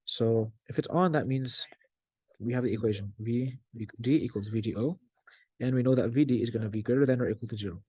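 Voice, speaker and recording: A man's voice: medium pitch, brisk, mellow, breathy edge, no echo. A young man tutoring as he works through a circuit problem, thinking aloud with frequent fillers and self-corrections.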